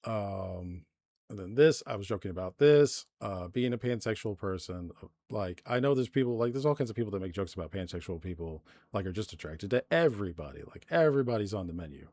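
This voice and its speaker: A man's voice: on the low side, animated, brisk, darkish tone. A male-sounding streamer ranting through live news commentary, exasperated and heavily profane, in a loose, conversational way with plenty of fillers. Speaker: livestreamer.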